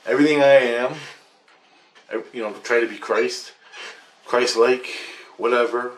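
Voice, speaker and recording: A man's voice: mid-range voice, fairly even intonation, measured pace. A man telling a rambling, profane story about his dreams, casual and agitated. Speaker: vlogger recounting dreams. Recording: echoey room with faint noise.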